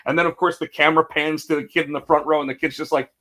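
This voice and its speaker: A man's voice: on the high side, fast, few pauses. A man co-hosting a casual wrestling podcast, telling the story with energy, acting out quotes and restarting his sentences often. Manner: animated storytelling, acts out quotes, many restarts. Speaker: podcast co-host.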